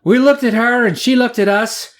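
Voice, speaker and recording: A man's voice: extremely high pitch, moderate pace, voice pushed up. A man voicing a male local tour guide in an exaggerated put-on Scottish accent, laughing through it. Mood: amused.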